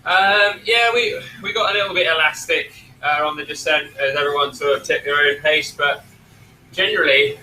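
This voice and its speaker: A man leading a group ride talks plainly and hesitantly, full of ums. His voice is very bright and recorded from away from the mic in a roomy space, with faint ambience behind. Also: on the high side, normal speed, distant mic, a little hiss or hum. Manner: matter-of-fact, hesitant with many fillers. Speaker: ride leader. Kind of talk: casual explanation.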